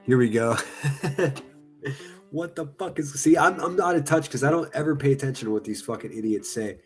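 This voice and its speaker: A man's voice: mid-range voice, quick pace, a little mellow, faint music behind. A man doing casual reaction commentary, reading comments aloud in a sarcastic, mocking and profane way. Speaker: online commentary streamer.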